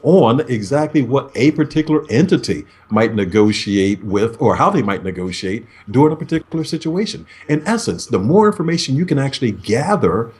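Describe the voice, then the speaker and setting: A man being interviewed as a negotiation expert over a video call, explaining in a measured way and acting out sample phone greetings. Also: mid-range voice, very animated, darkish tone.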